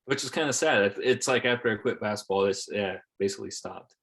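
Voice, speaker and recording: A man's voice: on the low side, quick pace, creaky, a bit bright. A man in his thirties, a podcast guest, telling stories in casual chat, swearing and repeating words as he goes. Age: 30s.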